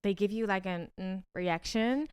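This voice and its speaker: A woman co-hosting a podcast, talking haltingly with many fillers and restarts while fighting back tears. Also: medium pitch, a little mellow, clean tone, no room sound, clean studio sound. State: on the verge of tears. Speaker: podcast co-host. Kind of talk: emotional casual chat.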